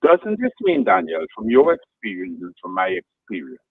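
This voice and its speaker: A man on a radio talk show asks careful, deliberate leading questions. His pitch rises and falls in a lively way. The sound is dry and narrow, like a phone line. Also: husky, no room sound.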